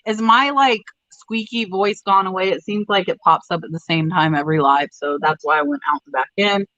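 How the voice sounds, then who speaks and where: Rambly woman livestream host, bright voice, dull lo-fi audio, reading chat names out. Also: lowish voice, brisk, no room sound. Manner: rambling, chatty, reads out viewer comments. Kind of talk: casual live chat.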